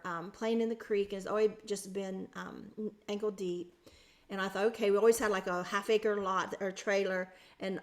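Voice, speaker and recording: A woman guest on a podcast, recounting a personal experience in an earnest, emotional way with frequent restarts. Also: mid-range voice. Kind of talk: personal storytelling in an interview.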